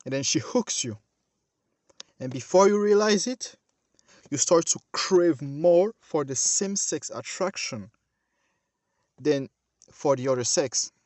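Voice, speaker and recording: Man preaching, kinda high voice, keeps repeating himself and talking straight to the crowd, dry sound. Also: expressive, slow, pauses often, a little mellow, no room sound. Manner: emphatic and repetitive, addressing listeners directly. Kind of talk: sermon.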